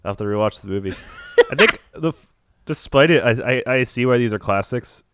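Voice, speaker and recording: A young man with a head cold and a nasal voice, chatting casually as a podcast co-host with halting restarts. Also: medium pitch, very noisy. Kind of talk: casual chat.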